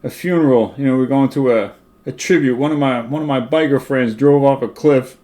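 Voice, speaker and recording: A man's voice: mid-range voice, a little fast, warm tone, natural voice. A man voicing a swaggering tough male biker from a comic, boastful and threatening. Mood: cocky.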